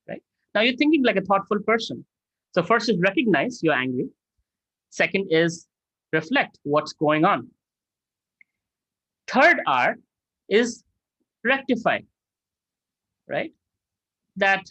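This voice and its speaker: A middle-aged man giving a lively lecture-style answer on an online call, acting out angry quotes and asking "right?" often. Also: on the high side, normal speed, long pauses, dry recording. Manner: animated, acts out angry quotes, asks "right?". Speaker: spiritual mentor answering questions. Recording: dull lo-fi dry sound.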